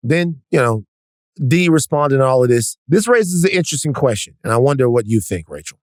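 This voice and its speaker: A man hosting a casual podcast, setting up clips and posing questions deliberately. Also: mid-range voice, animated, no echo, clean studio sound. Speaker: podcast host.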